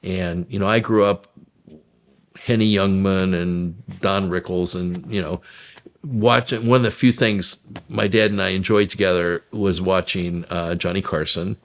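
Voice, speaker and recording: A man with a fairly low voice recounts his work as a vaudeville troupe performer. He tells his stories haltingly, with many fillers and bursts of laughter. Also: fairly even intonation. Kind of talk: interview storytelling.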